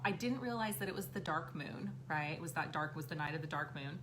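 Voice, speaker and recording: A woman's voice: low-pitched, expressive, brisk, hardly any pauses, noisy background. A woman in her thirties casually telling a personal story on a live stream, full of "like" and swearing. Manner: chatty, swears freely, fillers like "like" and "right". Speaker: live stream host, spiritual medium.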